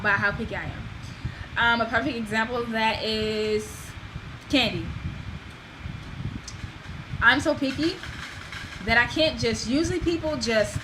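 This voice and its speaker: A woman vlogger talking casually to the camera, animated and emphatic, with self-deprecating asides. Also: mid-range voice, background noise.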